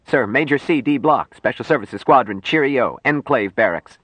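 A man's voice: mid-range voice, animated, normal speed, fairly bright tone, breathy edge, no echo, pitched above the performer's own voice. A man voicing a flustered young male military officer, stiff, nervous and formal.

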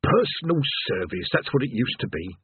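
A man voicing a weary, put-upon male demon gatekeeper who talks in a raspy, grumbling, mournful way. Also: mid-range voice, big pitch swings, moderate pace, no echo. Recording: tinny phone-like narrow sound.

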